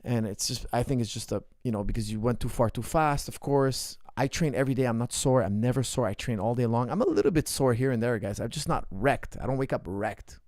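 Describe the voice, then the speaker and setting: A man's voice: mid-range voice, a little fast, hardly any pauses, a little mellow, dry recording, clean studio sound. A man in his forties, a coach, talking casually to a live stream audience and repeating his points for emphasis. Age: 40s. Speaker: coach answering viewer questions.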